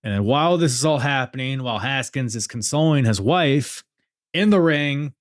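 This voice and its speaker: A man's voice: mid-range voice, animated, normal speed, no room sound, studio quality. A young man hosting a podcast, talking casually and swearing freely as he recaps events. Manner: conversational, swears freely, acts out quotes. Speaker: podcast host. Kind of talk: casual solo review podcast.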